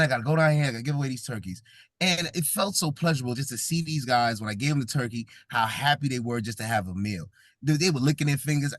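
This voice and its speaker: A man's voice: mid-range voice, fairly bright tone, no echo, clean studio sound. A man from Brooklyn, New York, giving a comedic motivational talk. He jokes, laughs often and keeps talking with the audience. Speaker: event speaker.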